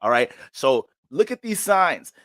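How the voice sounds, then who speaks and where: A man hosting an astrology livestream, talking in a loose, slangy, animated storytelling way. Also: a little high, measured pace, no echo, studio quality. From Bronx, New York. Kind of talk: casual livestream chat.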